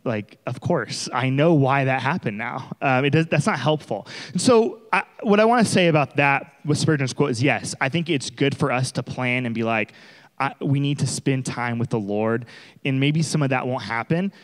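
In a big room that echoes his words, a young man preaches in a relaxed, chatty way at normal speed with a mid-range voice. He brings his sermon to life by performing the voices of those he quotes.

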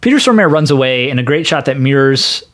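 A man's voice: medium pitch, sing-song, brisk, a bit bright. A man co-hosting a casual movie chat, rambling and enthusiastic. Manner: enthusiastic, rambling, puts on playful voices when quoting. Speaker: podcast co-host.

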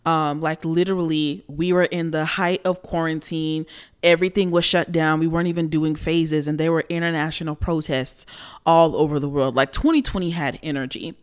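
A woman's voice: low-pitched, fairly even intonation, moderate pace, clean tone. A young woman giving casual social commentary, blunt, profane and emphatic.

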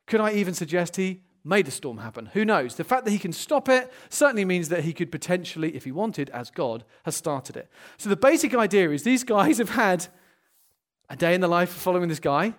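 Animated man preaching a sermon. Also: high-pitched, fairly quick. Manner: lively and animated, shifting from playful to hushed and earnest.

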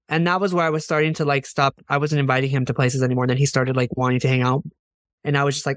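A man's voice: on the high side, fast, dry recording, studio quality. A man co-hosting a casual podcast chat, telling stories with swearing and acting out what people said. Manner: animated storyteller, swears, acts out quoted lines. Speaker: podcast co-host.

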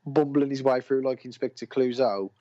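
A man with a warm, medium-pitched voice co-hosts a casual film podcast at a moderate pace. He's enthusiastic and rambling, often cutting himself off, and the audio is a dull lo-fi recording.

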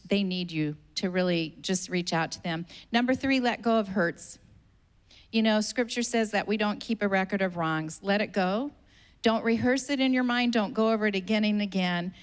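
A woman's voice: medium pitch, clear, resonant tone. A woman pastor preaching a sermon, stressing her points by repeating them. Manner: emphatic, repeats exhortations.

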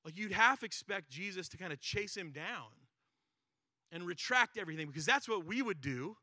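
A pastor preaching a sermon in a conversational way, asking rhetorical questions and acting out quoted prayers. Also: male voice, high-pitched, lively intonation, moderate pace, sharp tone, no echo, studio quality. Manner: conversational, repeats words and acts out quoted prayers; rhetorical questions with frequent "right?" and "like".

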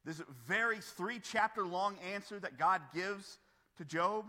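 A man preaching a sermon as pastor, earnest and building to forceful emphasis, with frequent restarts and rhetorical questions. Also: sits high, a little slow. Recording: long hall reverb.

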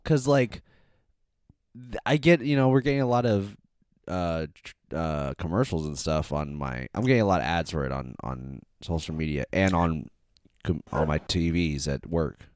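A man's voice: sits low, lively intonation, moderate pace, darkish tone, clean tone, dry recording, studio quality. A man co-hosting a podcast, rambling through stories and laughing often. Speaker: podcast co-host. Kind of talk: casual chat.

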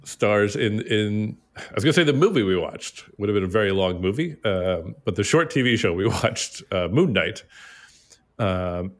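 A man with a fairly low voice hosting a podcast. He rambles with a lot of fillers and sets up topics in a loose, conversational way. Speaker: podcast host. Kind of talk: casual chat.

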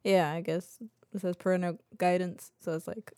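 A woman's voice: fairly low pitch, little pitch movement, normal speed, warm tone, smooth, no room sound. Female podcast co-host, easy conversational voice, dry close recording. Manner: laughs along, chimes in. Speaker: mother of a toddler. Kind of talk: casual chat.

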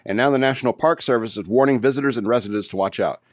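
A man's voice: medium pitch, racing, no echo, studio quality. A man co-hosting a casual chat, reading news stories with joking asides. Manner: relaxed, reads stories, jokey asides.

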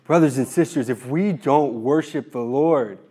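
A man giving an earnest, exhorting faith talk to a group, reading scripture slowly and repeating words when excited. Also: mid-range voice, breathy edge. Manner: reads scripture slowly and deliberately. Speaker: speaker at a community talk.

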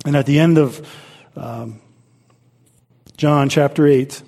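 Male pastor, husky tone, earnest sermon delivery with scripture reading. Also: a little high, fairly even intonation, slow pace, a little mellow. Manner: earnest preaching, reads scripture aloud with repeats and restarts.

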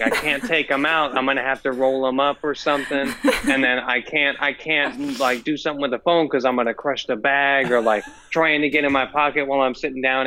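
A man's voice: medium pitch, pushed and bright, slight background noise, rough recording. A man chatting on a casual podcast, telling a meandering story full of hesitant restarts. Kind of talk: casual chat.

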